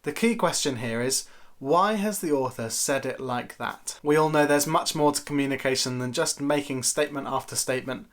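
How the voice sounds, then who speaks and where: A man's voice: medium pitch, moderate pace. A man giving a conversational, lightly playful Bible teaching talk to camera for a church video series.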